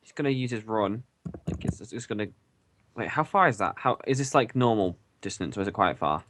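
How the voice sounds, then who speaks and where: A man's voice: lowish voice, animated, a little fast, a bit bright. A man playing a tabletop role-playing game, rambling and stopping to rethink. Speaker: player. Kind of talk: casual tabletop role-play chat.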